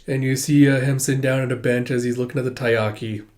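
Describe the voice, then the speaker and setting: A man's voice: mid-range voice, fairly even intonation, fast, darkish tone. A young man casually reading through a manga chapter and commenting on it, chatty and swearing freely.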